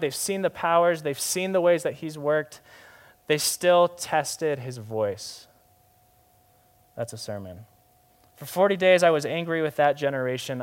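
A young adult man preaching a sermon as pastor, swinging from emphatic to hushed and slowing down for key phrases. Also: medium pitch.

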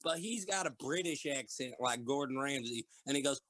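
A man's voice: medium pitch, animated, fairly bright tone. A young man co-hosting a podcast, rambling through crude casual banter. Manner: rambling, drawn-out "man" and "dude". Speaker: podcast co-host.

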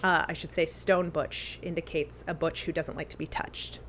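A woman earnestly reading a memorial letter aloud, with deliberate phrasing. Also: deep voice, little pitch movement, a bit bright, a little hiss or hum.

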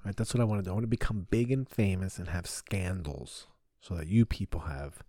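A man's voice: low-pitched, a little fast, warm tone, dry recording, clean studio sound. A man hosting his own podcast alone, rambling and swearing through self-deprecating comedic confessions. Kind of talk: solo comedic confessional talk.

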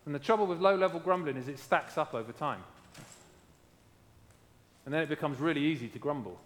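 A man's voice: a little high, fairly quick, long reverb tail. A man preaching a sermon as pastor, emphatic, repeating key lines and asking his congregation how they are doing.

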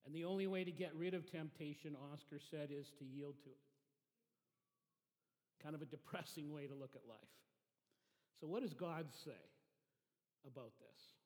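Pastor guy preaching, chatty and reflective, slightly high voice, lots of hall echo. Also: darkish tone. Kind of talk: sermon. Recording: reverberant church hall.

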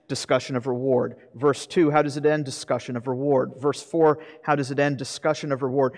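Man preaching in a reverberant hall. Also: medium pitch. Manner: earnest preaching with rhetorical questions. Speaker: pastor. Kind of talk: sermon.

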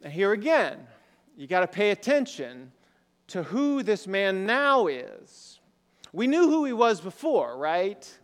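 Slow-spoken pastor in a reverberant hall. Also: male voice, high voice, big pitch swings. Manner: conversational, asks the congregation rhetorical questions. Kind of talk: sermon.

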